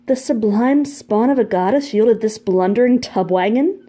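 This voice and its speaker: A woman's voice: a little high, normal speed, mellow, natural voice. A woman playing a crooning young dandy. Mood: incredulous. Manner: crooning, flowery, theatrical. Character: pretty, smooth-talking young dandy man.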